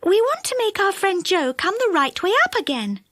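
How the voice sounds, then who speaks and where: Silky, a high, sweet fairy girl, voiced by a woman. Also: sing-song, normal speed, a bit bright, no room sound, full character voice. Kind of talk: storybook reading. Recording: dry close studio sound.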